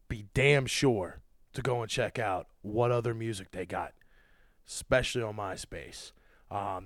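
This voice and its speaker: A man's voice: fairly low pitch, no room sound. Angry cursing man ranting on a podcast. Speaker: podcast host. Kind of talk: profane podcast rant.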